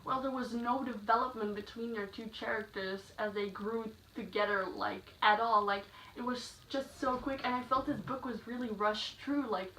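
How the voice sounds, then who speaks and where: A woman giving a chatty, casual spoken book review, full of "like" fillers and animated asides. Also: on the high side, normal speed, few pauses. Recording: echoey room, slightly distant mic, faint noise.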